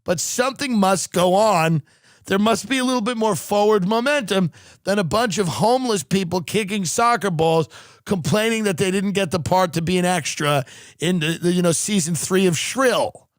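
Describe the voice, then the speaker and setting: A man on a podcast delivering a sardonic comic rant, pausing with fillers. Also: sits high, dry recording, studio quality. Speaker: comedian on a podcast.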